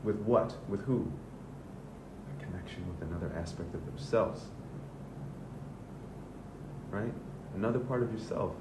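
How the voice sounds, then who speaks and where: A man's voice: a little slow, pauses often, recorded from a distance. A man, a men's coach from the Southern US, giving a casual, earnest motivational monologue and swearing freely. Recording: echoey room with rumbling noise.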